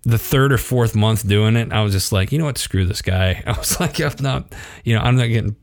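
Low-voiced man telling stories animatedly. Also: brisk. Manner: animated, acts out quotes in a raised voice. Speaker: podcast guest. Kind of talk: casual storytelling interview.

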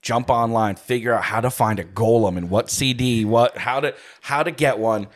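A man's voice: medium pitch, moderate pace. A man in his thirties, co-hosting a casual podcast chat, talking with many fillers and frequent laughs. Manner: animated, filler-heavy, laughs often.

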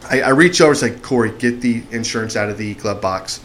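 Animated man telling a story. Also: fairly low pitch, fast talker, hardly any pauses, slight background noise. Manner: animated, acts out shouting voices in his story. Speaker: podcast guest telling a story. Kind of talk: casual storytelling.

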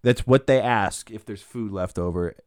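A man's voice: lowish voice, moderate pace, no room sound, studio quality. A man co-hosting a podcast, arguing casually, swearing and trailing off into mumbles. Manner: argumentative, swears, trails off quietly. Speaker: podcast co-host. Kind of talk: casual chat.

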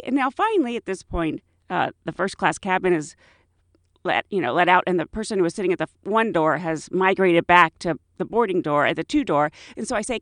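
A woman flight attendant casually telling stories from her flights, acting out passengers and herself in quick bursts. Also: gravelly, no echo, clean studio sound. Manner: animated, mimics passengers in high bursts. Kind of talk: casual storytelling.

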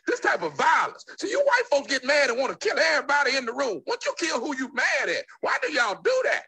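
A man making a radio prank call, calm and provocative as he goads the caller. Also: very high voice, fast talker, gravelly.

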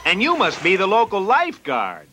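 A man's voice: high-pitched, huge pitch swings, moderate pace. An actor playing a folksy, upbeat cartoon father. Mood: wry. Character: cheerful cartoon dad on a business trip. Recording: cartoon clip with background noise.

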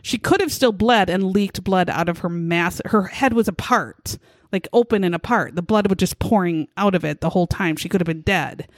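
A woman's voice: on the low side, moderate pace, no echo. A woman casually recounting a true crime case to a co-host, blunt and indignant, with frequent swearing. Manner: blunt, profane, indignant storytelling. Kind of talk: casual chat.

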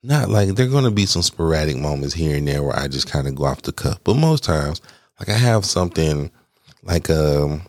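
Very deep-voiced man rambling candidly. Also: lively intonation, moderate pace, darkish tone, no echo, clean studio sound. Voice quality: deep, praised as a radio voice. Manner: candid, rambling, self-deprecating; laughs between phrases, swears freely. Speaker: podcast host. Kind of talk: casual solo podcast chat.

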